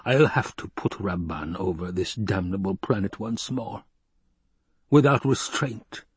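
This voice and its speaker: Man doing a cold scheming baron, husky, low and drawn-out, dry recording. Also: darkish tone, no room sound. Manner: slow, low, cold and calculating. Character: scheming, gluttonous male baron, cold and wary. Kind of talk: audiobook character reading.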